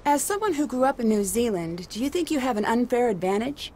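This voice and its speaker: Nancy Drew, earnest sleuth. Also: female voice, fairly high pitch, big pitch swings, brisk, warm tone, slight background noise. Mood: curious. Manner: curious, questioning, earnest. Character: earnest young female amateur detective. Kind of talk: video game voice acting.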